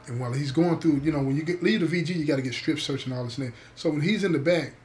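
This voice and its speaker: A man's voice: fairly high pitch, very fast, darkish tone, a little hiss or hum. A man telling a story to listeners, emphatic, repeating key words and calling them "y'all". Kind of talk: spoken storytelling to an audience.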